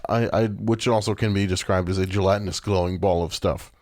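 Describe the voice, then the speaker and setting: A man's voice: low voice, fairly even intonation, brisk, darkish tone, dry recording, clean studio sound. A man co-hosting a podcast, recapping a TV episode in casual chat, rambling with many fillers and restarts. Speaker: podcast co-host.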